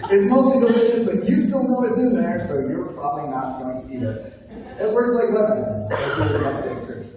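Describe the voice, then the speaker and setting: A man's voice: sits high, animated, brisk. A young man emceeing a live roast, reading a top-ten list with frequent hesitant fillers. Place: large echoey room at a live event. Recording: echoey room, far mic, noisy. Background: audience laughter.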